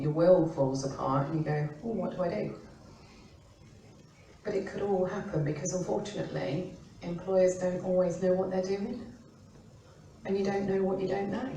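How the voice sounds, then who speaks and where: Middle-aged uk woman, law expert, chatty, mellow low-ish voice, echoey and kinda far from the mic. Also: slight background noise. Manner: chatty, acts out quotes in lively voices. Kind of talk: informal expert talk. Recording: roomy, distant mic with faint ambience.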